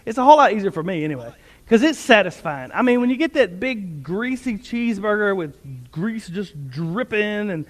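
A man preaching a sermon as pastor, energetic and quick, with joking asides. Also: sits high. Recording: long hall reverb.

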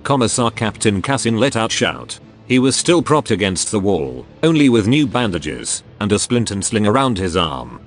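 Low synthetic male narrator. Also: moderate pace, faint music behind. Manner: flat synthetic reading. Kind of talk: scripted narration.

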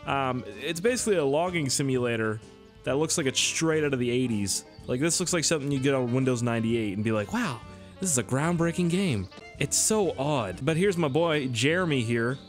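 A man's voice: mid-range voice, expressive, a little fast. A young Canadian man with a Canadian accent, giving jokey, profane, rambling gameplay commentary. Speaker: YouTuber. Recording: faint background game music.

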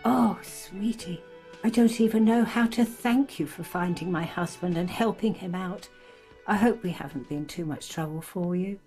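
An actress voicing a kindly, grateful old woman in a video game, speaking in a gentle, doting way, with faint music under the game audio. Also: fairly low pitch, normal speed, lightly acted. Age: older.

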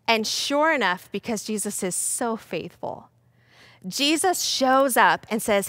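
A young woman teaching a children's Bible lesson, playful and animated, talking straight to the kids. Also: fairly high pitch, measured pace, no echo.

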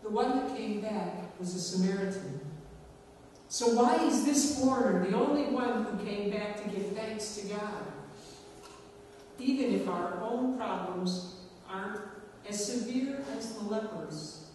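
A woman delivers a sermon at an unhurried, deliberate pace, leaning on dramatic pauses. Her voice sits at a middle pitch and comes from well back in a large, reverberant church. A long hall echo trails every phrase, with faint room noise under it. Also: darkish tone. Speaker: preacher. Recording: echoey church hall, recorded from far off.

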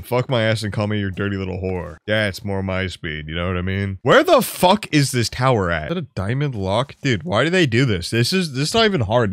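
A young man doing game commentary, swearing all the time and swinging from low mutters to sudden loud yells. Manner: profane, jumps from mumbling to yelling. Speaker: gaming YouTuber.

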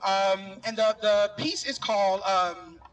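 Faint music sits behind a middle-aged man giving an impassioned speech at an outdoor rally, where he earnestly and casually addresses the crowd as "y'all." His high voice is slow and fairly bright, with fairly even intonation, recorded from a distance.

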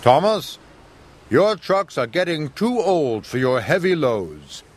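A man's voice: fairly high pitch, sing-song, slow, heavily acted. A man voicing a stern, commanding railway boss in a cartoon.

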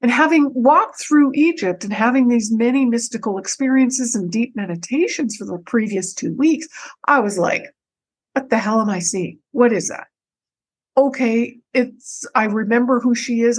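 A woman guest on a podcast, telling a personal story in an animated way, with frequent restarts and repeated words. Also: a little high, moderate pace, poor audio. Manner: animated, breaks into her own quoted speech.

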